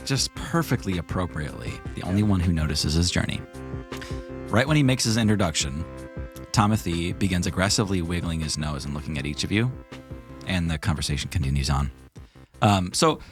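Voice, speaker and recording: A man running a tabletop game as its game master, describing scenes in a casual, rambling way. His voice is fairly low, with soft music playing underneath. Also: expressive, a little fast. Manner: casual, loose narration with many fillers.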